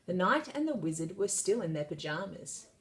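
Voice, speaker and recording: A woman reading a children's picture book aloud, narrating in a lively, expressive way. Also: fairly low pitch, moderate pace. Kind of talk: storybook read-aloud narration.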